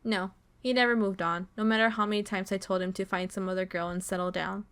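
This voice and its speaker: A woman streamer reading a visual novel's text aloud, slow and dramatic, breaking off to swear and react. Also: medium pitch, fairly even intonation, fairly bright tone, clear, resonant tone.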